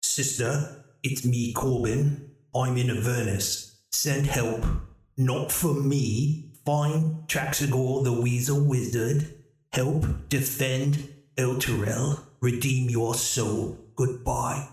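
A man's voice: medium pitch, fairly even intonation, takes it slowly, echoey room, voice pushed up, lightly acted. A man playing an awkward, kind-hearted male bugbear cleric who speaks hesitantly and stumbles over his words. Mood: urgent. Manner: hesitant, stumbling and softly anxious.

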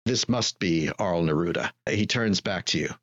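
A man runs a tabletop role-playing game as game master. He describes scenes in a measured, descriptive way, with small hesitations. His voice sits low, and the recording has a slightly dull, lo-fi sound. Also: a bit bright.

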